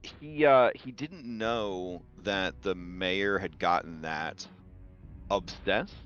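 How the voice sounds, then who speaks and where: A man narrating as game master of a tabletop game, relaxed and hedging with many fillers. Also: low voice, takes it slowly. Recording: dull lo-fi sound with music behind.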